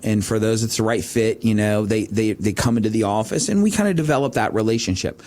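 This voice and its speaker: A man's voice: lowish voice, quick pace. A man hosting a talk show, telling stories in a casual, repetitive way with lots of "right?". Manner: animated, repeats himself, says "right?" often. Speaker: financial advisor and show host.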